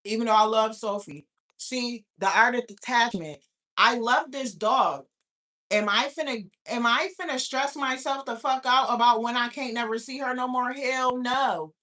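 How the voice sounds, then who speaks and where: Young woman from New York, livestream host; bright, higher voice, profane and animated rant. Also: normal speed. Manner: profane, animated, talks back to chat.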